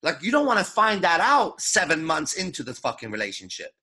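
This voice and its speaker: A man's voice: fairly high pitch, wildly swooping pitch, brisk, pushed and bright, breathy edge. A man coaching seduction in a crude, emphatic lecture, swearing constantly and acting out his own thoughts. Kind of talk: profane motivational lecture.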